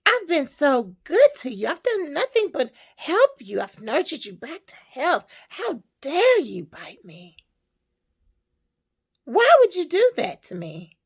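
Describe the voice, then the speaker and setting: A woman's voice: high voice, expressive, a little slow, breathy edge, pitched above the performer's own voice, full character voice. A woman voicing a kind young woman in a spoken story, exclaiming in a raised, indignant voice. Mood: outraged. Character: kind young woman runner, startled then outraged.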